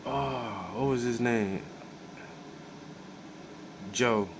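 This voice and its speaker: Man, AAVE, casual profane storyteller, mid pitch, faint air-conditioner hum behind. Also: drawn-out words. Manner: animated, profane, laid-back storytelling with many fillers. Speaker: host.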